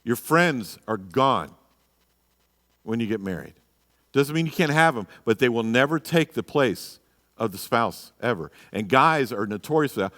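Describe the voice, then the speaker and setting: A man's voice: mid-range voice, animated, normal speed, fairly bright tone. A man, a pastor teaching a marriage class in church, emphatic and full of rhetorical questions. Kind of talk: church lesson. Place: church hall. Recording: live church room with reverb.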